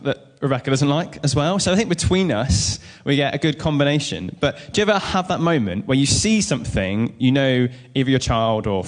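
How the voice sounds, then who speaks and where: Male pastor, easygoing sermon delivery, chatty asides and anecdotes. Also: mid-range voice. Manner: conversational, with personal stories and asides.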